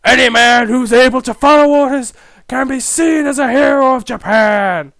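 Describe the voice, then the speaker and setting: A let's play host voicing a loud patriotic male army recruiter who bellows slogans. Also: high voice, moderate pace, no echo, clean studio sound, voice pushed up. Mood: bellowing.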